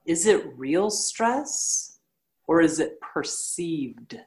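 Low-voiced woman, blunt yoga teacher. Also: extremely slow, low-quality recording. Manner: blunt, animated storytelling. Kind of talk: casual podcast conversation.

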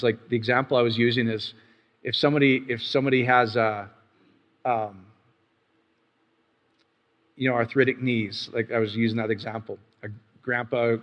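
A man teaching on prayer in an easy, conversational way, often pausing to ask whether his listeners are following. His voice sits at an ordinary middle pitch. The recording is dull and lo-fi, with a long hall reverb trailing each phrase. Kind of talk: casual teaching sermon and guided prayer.

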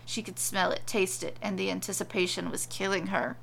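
A woman narrating a comic storybook tale with a deadpan, wry delivery. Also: mid-range voice, a little fast, gravelly, slight background noise.

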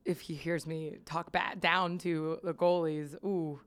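A woman's voice: deep voice, fairly even intonation, takes it slowly, clean tone. A woman hosting her own podcast in casual chat, giggling often, rambling with fillers and swearing freely. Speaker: podcast host.

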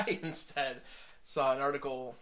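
A man's voice: medium pitch, fairly even intonation, measured pace, a bit bright. A man co-hosting a casual chat podcast, easygoing, with dry asides while going through a list of news items. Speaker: podcast co-host.

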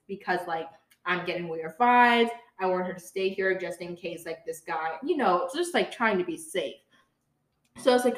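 A young adult woman co-hosting a podcast tells a story casually, chatty and saying "like" a lot, addressing listeners directly as "guys." Her medium-pitched voice is expressive, fairly quick, and a bit bright. The sound is roomy from a distant mic.

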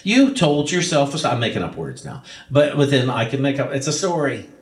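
Male preacher, mid-pitched, telling a story with emphatic repetition, roomy echo. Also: sing-song, brisk. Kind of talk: sermon.

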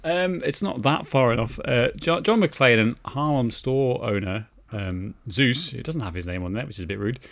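Excitable man rambling on a podcast. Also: medium pitch, moderate pace, vocal fry, hardly any pauses. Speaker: podcast co-host. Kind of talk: casual chat.

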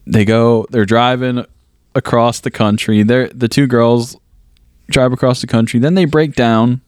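A man's voice: mid-range voice, steady tone, unhurried, a little mellow, smooth, no echo, studio quality. A man co-hosting a casual movie podcast, recapping plot in a rambling way full of fillers and laughs. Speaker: podcast co-host. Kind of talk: casual movie review chat.

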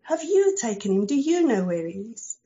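A grieving young woman pleads in a raised, urgent voice, as a woman storyteller puts her on. The tone is mellow and a little high. The recording sounds dull and lo-fi. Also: very animated, normal speed. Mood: pleading.

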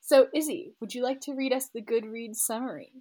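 A woman's voice: a little high, a little fast, dark tone. A woman hosting a book club podcast, chatting enthusiastically and often trailing off. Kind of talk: casual chat.

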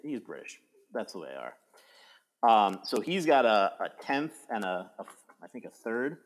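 A man with a fairly low voice, chatting casually as a podcast co-host. He hesitates often and fills pauses with ums. His delivery stays low-key and unhurried. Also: very animated. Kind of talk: casual chat.

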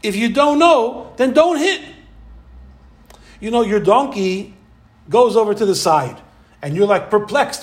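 High-voiced animated male Torah teacher. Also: measured pace, pauses often. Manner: animated storyteller acting out quoted voices. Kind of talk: Torah lecture.

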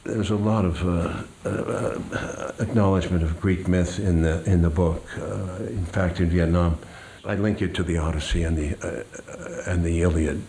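An older man, a guest, reading from his memoir and talking in a slow, measured, hesitant way. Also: deep voice, steady tone, gravelly, dark tone, slight background noise.

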